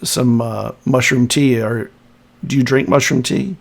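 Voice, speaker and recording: Reserved tea-serving woman who says little, voiced by a man, slow and gravelly. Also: mid-range voice, steady tone. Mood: terse. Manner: terse and quiet.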